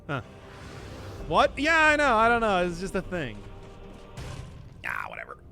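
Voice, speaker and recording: A male streamer with a fairly high voice that swoops up and down freely as he rambles to his viewers mid-game. He chuckles often and answers chat in a loose, casual way. Quiet game music plays underneath. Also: huge pitch swings, unhurried, vocal fry. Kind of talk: casual live-stream commentary while gaming.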